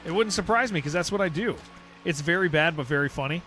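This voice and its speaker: A man's voice: on the high side, lively intonation, fast talker, pushed and bright, soft background music. A young man from San Diego with a Californian accent, chatting casually and rambling as he streams a game, often saying dude. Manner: rambling, restarts sentences, says dude a lot. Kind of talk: casual live-stream chat while gaming.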